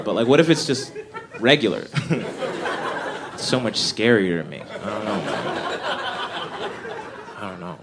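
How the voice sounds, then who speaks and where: A man's voice: mid-range voice, lively intonation, moderate pace, long pauses. A young man doing a stand-up comedy set, talking in a wry, conversational way and chuckling at his own jokes. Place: comedy club stage. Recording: live club recording with crowd and noise. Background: audience laughter.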